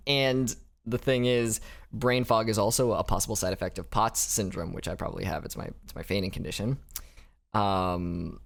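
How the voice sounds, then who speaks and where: A young man narrating a casual diary vlog in a rambling, self-deprecating way, halting and restarting often. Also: on the low side, vocal fry. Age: young adult. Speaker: vlogger.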